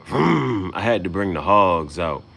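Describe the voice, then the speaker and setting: A man's voice: low-pitched, normal speed, a bit bright. A man freestyling a loose, swaggering, profane rhyming monologue as host.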